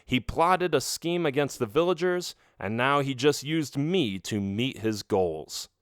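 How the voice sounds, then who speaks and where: A man's voice: mid-range voice, animated, measured pace, smooth, no echo. A man narrating a children's audiobook in the first person, reading expressively into a close mic.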